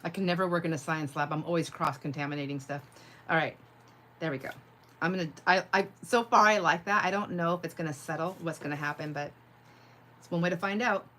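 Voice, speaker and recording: Woman doing a chill craft livestream, lowish voice, rambly and giggly, chatting back to viewers. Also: a little fast, bright, forceful tone, a little hiss or hum. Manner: rambling and chatty, heavy on "like", laughs easily; reads viewer comments aloud and answers them. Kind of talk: casual crafting livestream chat.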